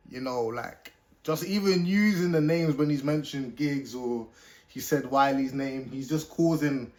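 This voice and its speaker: A British man talks loosely through a reaction video at a middling pitch. He pauses the track often to comment in an easygoing, conversational way.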